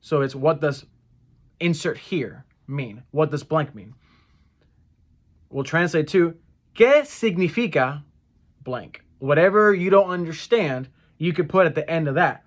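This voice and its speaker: A man with a slightly raised pitch walks through a casual language lesson. He repeats each phrase slowly, stumbles, and corrects himself with easy fillers. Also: animated. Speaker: Spanish phrase teacher.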